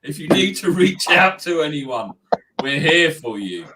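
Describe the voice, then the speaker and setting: Slow-talking man hosting a chat. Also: fairly high pitch, very animated, pushed and bright, a little hiss or hum. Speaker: host. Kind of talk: casual chat.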